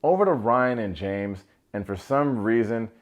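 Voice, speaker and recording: A man recapping a reality dating show in casual commentary. He is animated and sarcastic, drops slangy asides, and jumps between low mutters and sudden high exclamations. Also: unhurried.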